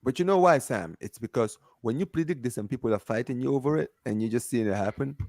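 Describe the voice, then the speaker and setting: A man co-hosting a casual football debate over an online call, animated and emphatic, often asking if you understand what he's saying. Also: mid-range voice, fast, dry recording, studio quality. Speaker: football podcast co-host. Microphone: home mic over internet call.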